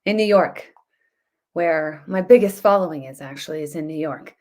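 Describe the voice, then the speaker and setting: A woman's voice: sits low, moderate pace, a little mellow. A woman hosting a casual live stream, chatty and rambling, greeting viewers by name between topics. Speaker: livestream show host.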